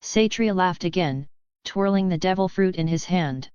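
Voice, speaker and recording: A woman narrating a web novel audiobook in a steady storytelling voice. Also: fairly low pitch, moderate pace, clean tone, dry recording, muffled recording. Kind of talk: scripted narration.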